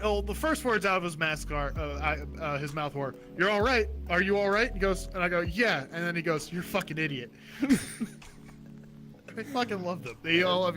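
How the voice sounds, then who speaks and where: Bright-voiced young man telling a story. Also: high voice. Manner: animated storyteller, swears freely, laughs at himself. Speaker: podcast co-host. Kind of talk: casual chat.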